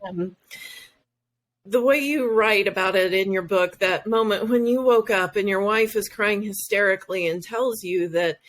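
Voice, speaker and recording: A woman hosting a podcast, asking her guest questions in a measured, appreciative way. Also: medium pitch. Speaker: podcast host. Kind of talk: interview questions.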